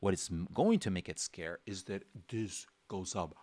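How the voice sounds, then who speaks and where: A drawing instructor on a livestream speaks at normal speed in a low, expressive voice with a darkish tone and no echo. His chat meanders, with many fillers and restarts, as he performs small reactions for the characters in tiny voices.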